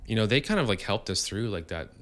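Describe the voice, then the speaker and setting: Talking fast and animatedly in a lowish, slightly bright voice, this Canadian podcast guest, who owns a vintage store, tells a rambling story. He sounds hesitant, packing in fillers and repeatedly starting over.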